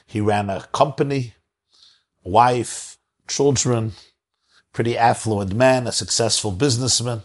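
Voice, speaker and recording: A man preaching, telling a story earnestly with dramatic pauses. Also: medium pitch, fairly even intonation. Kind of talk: sermon storytelling.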